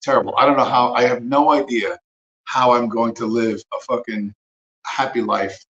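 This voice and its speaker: A man's voice: medium pitch, steady tone, moderate pace, a bit bright, reverberant, dull audio. A man hosting a livestream, talking in a profane, rambling, sarcastic way. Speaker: livestream host. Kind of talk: casual rambling commentary.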